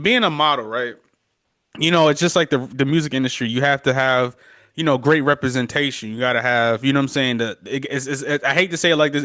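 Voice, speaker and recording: A man's voice: medium pitch, sharp tone, dry recording, clean studio sound. A man from New York hosting a casual podcast interview, laid-back and full of "yeah" and "you know what I'm saying". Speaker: podcast host.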